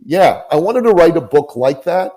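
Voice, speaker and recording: A man's voice: a little high, sing-song, normal speed, mellow, rough recording. Earnest emphatic man telling a story. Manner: earnest, emphatic, repeats phrases. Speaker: guest, business coach. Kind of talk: podcast interview storytelling. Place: lives in Canada.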